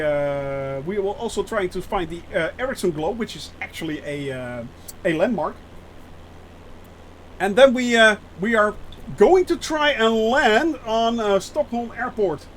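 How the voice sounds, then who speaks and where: A man's voice: sits high, a little hiss or hum. A man streaming a flight simulator live, chatting with viewers and talking through the flight with many fillers and restarts. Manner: chatty, lots of fillers, reads chat aloud; nervous about landing. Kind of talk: live gameplay commentary.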